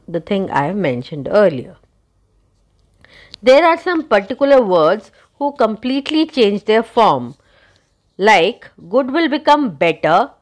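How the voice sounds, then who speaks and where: Woman teacher, unhurried delivery, patient explaining to students. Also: medium pitch. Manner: slow, careful explaining, spelling out letters. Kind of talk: recorded grammar lesson.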